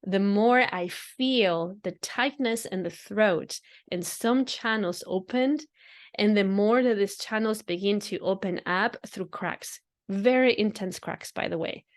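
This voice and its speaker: A woman with a lilt talks through a reflective spiritual monologue as a podcast host. She sounds earnest and often circles back on her own phrases, with ordinary mid-range pitch. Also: a little slow.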